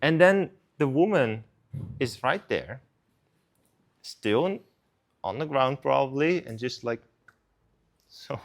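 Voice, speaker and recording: Young man, student-service preacher, casual sermon, animated, chatty storytelling. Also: medium pitch, slow pace, vocal fry, long pauses. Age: young adult. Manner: animated, conversational, lots of "like".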